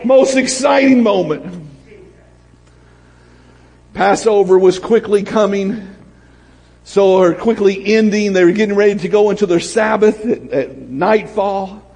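A man preaching a sermon as pastor, swinging from shouts down to hushed storytelling. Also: sits high, moderate pace, gravelly. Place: church sanctuary. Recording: long hall reverb.

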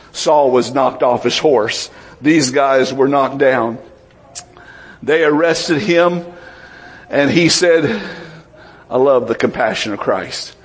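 A man with a mid-range voice preaches a conversational sermon, posing questions to the congregation and acting out voices from the Bible.

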